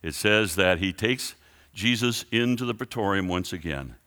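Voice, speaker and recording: A man preaching a sermon in a lively, conversational way, often restarting and adding asides. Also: on the low side, moderate pace.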